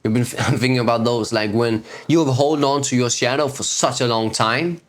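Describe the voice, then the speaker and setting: A man in a mid-range voice gives a reflective spiritual teaching talk as host of his own video series. He speaks in an unhurried way, circles back to repeat key phrases and asks rhetorical questions. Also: mid-range voice.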